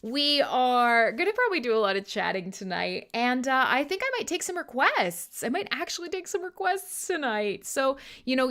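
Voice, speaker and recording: A woman's voice: high voice, big pitch swings, moderate pace, few pauses, a bit bright. A woman hosting a live stream in casual chat, joking, swearing freely and laughing often. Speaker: host.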